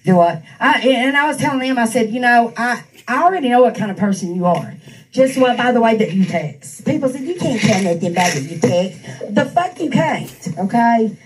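A streamer on her home couch rants at an online troll, reading his texts aloud and mocking him crudely and profanely while laughing a lot. Her high-ish voice is animated and brisk, picked up from a distance on a handheld mic, with soft background music and poor audio.

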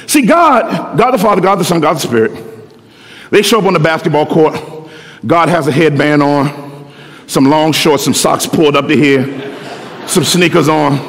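A middle-aged man preaching a sermon in a slangy, animated way, often repeating words. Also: fairly high pitch, moderate pace, pauses often. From Philadelphia. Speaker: pastor. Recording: echoey hall.

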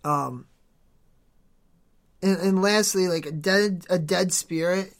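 Speaking slowly in a mid-range voice, a podcast host gives a devotional, preaching informally with earnest exhortation. He rambles, often restarting and correcting himself.

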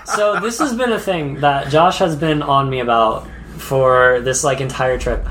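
A man's voice: medium pitch, unhurried, a bit bright, slight background noise. A man co-hosting a laid-back travel podcast, his voice sitting in a mid range. He rambles through stories with lots of ums and frequent giggles. Faint room ambience hums behind him. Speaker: podcast co-host. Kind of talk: casual travel podcast chat.

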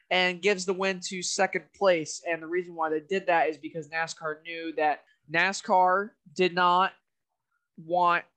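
A man's voice: high-pitched, sharp tone. A man co-hosting a podcast in casual chat, rambling and leaning heavily on "you know" fillers. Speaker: podcast co-host.

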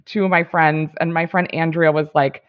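A woman's voice: low voice, steady tone, moderate pace. A woman comedian telling a rambling story in casual podcast chat, laughing between her thoughts. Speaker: guest comedian. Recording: dull lo-fi sound.

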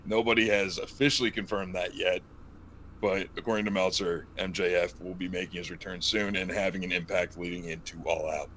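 A man co-hosting a wrestling podcast, talking in a casual, animated and jokey way with rambling asides. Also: deep voice, brisk, a little hiss or hum. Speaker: podcast co-host.

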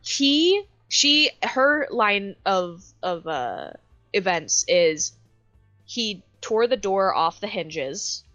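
A woman's voice: medium pitch, drawn-out words, no echo. Young woman podcast cohost rambling thru a story, swears a lot, dry dull lo-fi sound, faint music. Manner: animated storytelling, swears, frequent fillers. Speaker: podcast co-host. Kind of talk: casual chat.

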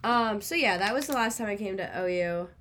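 Bright-voiced young woman telling stories. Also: medium pitch, a little fast. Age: young adult. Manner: animated storyteller, laughing often. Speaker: guest. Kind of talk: casual chat.

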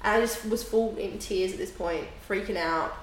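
A woman's voice: medium pitch, moderate pace, a little hiss or hum. A woman, co-hosting a podcast and telling a story in casual chat, acting out what people said. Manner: animated storytelling, acting out quotes. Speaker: podcast co-host. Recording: echoey room.

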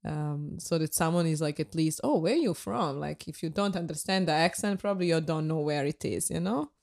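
Chatty woman host, lower voice. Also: brisk, vocal fry. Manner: lively storyteller, many fillers like "you know". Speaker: podcast host. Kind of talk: conversational interview.

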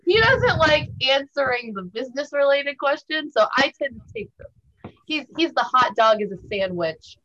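A chatty woman guest with a slightly high voice talks through her band's plans in an upbeat, casual way. The sound is dull and lo-fi. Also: lively intonation, normal speed, pushed and bright. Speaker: band member guest. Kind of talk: casual podcast interview. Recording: dull lo-fi audio.

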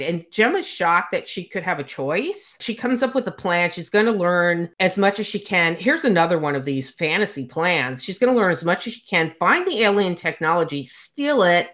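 A woman with a slightly low voice chats casually, recapping a story with animated energy. She slips into the characters' lines as she goes and swears now and then. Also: normal speed. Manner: animated retelling, acts out quotes, swears casually. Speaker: podcast co-host. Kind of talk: casual book recap chat.

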